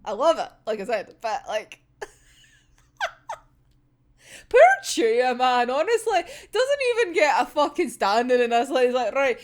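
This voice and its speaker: A woman's voice: sits high, very animated, measured pace, long pauses. A young woman in casual, sweary reaction chat, giggling often as she talks. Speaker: manga reaction vlogger.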